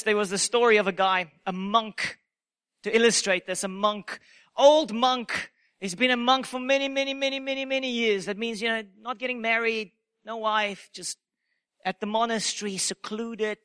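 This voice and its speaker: A male pastor delivering a sermon with a strikingly high, bright voice. He preaches in a lively, playful way, slips into little acted quotes and laughs at his own jokes. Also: clean tone.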